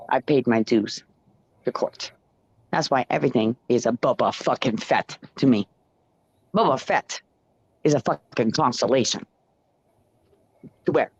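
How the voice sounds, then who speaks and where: A man's voice: mid-range voice, gravelly, no room sound. A man ranting in a rambling, profane stream of consciousness, sometimes slipping into sing-song chanting. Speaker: ranting monologuist. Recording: dull lo-fi dry recording.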